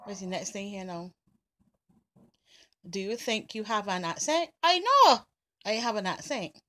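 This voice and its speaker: A woman with a Barbadian accent, talking casually and deliberately through an accent challenge. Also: medium pitch, very animated, bright, forceful tone. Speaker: vlogger.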